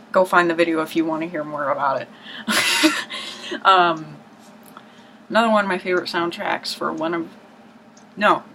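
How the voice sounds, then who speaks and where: A woman with a somewhat low voice rambles casually to the camera, slipping into hushed asides and mock-dramatic outbursts. She is recorded on a camera's built-in mic in a room at home. A clear hiss runs under the whole low-quality home video. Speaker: vlogger showing her record collection.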